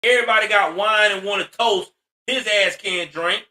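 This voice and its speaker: A man's voice: high-pitched, moderate pace, sharp tone, distant mic. A man ranting in blunt, profane social commentary, exasperated and direct. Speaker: commentary host.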